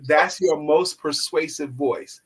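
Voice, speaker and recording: A man coaching on sales as a guest on a live online show, teaching in an instructive, emphatic way and at times dropping his voice slow and low to demonstrate. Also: husky, rough recording.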